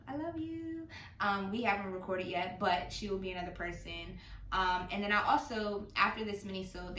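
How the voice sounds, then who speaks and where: A woman's voice: medium pitch, fairly bright tone, reverberant, recorded from a distance, a little hiss or hum. A woman hosting a casual podcast, laughing often and talking loosely with plenty of fillers. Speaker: podcast host.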